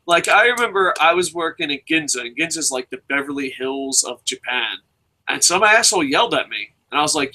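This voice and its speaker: A man's voice: a little high, lively intonation, fairly quick, sharp tone. A man co-hosting a wrestling news show, ranting bluntly and profanely in casual chat.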